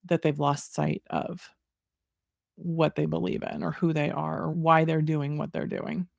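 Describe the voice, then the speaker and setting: Podcast host, low-voiced woman, steady and thoughtful, dry sound. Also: measured pace, gravelly, no room sound. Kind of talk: casual podcast interview.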